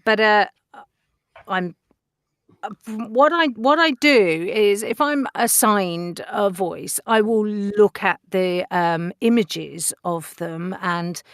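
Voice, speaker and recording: A woman, a voice actor chatting in an interview, filling pauses with ums and laughing easily. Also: medium pitch, clear, resonant tone, no echo, clean studio sound. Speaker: voice actor guest. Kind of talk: interview conversation.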